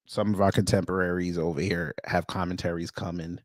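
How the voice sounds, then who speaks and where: A man's voice: low-pitched, flat delivery, brisk, no echo, studio quality. A man hosting casual reaction commentary, talking to his viewers as family with frequent stammered restarts. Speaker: commentary show host.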